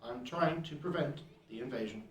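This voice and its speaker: A man voicing a strained robotic being who speaks in stilted, halting, clipped phrases. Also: medium pitch, reverberant. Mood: solemn. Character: strained robotic male being, formal and urgent.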